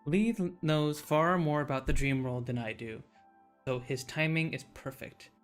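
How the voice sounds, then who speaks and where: A man's voice: fairly high pitch, unhurried, faint music behind. A man streaming, reading a visual novel's narration aloud in a casual way, often restarting and stumbling over words.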